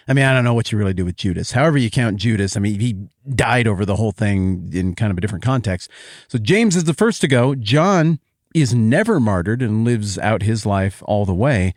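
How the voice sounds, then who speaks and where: A man hosting a Bible podcast, teaching in a joking, animated way that swings from excited to quiet. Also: fairly low pitch, fairly quick, no echo, clean studio sound.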